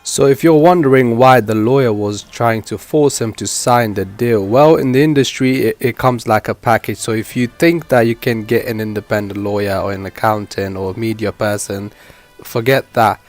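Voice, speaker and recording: A man's voice: fairly low pitch, moderate pace, faint music behind. A man hosting his own channel, giving an earnest, emphatic commentary that breaks down a rapper's story for his viewers. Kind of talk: reaction commentary.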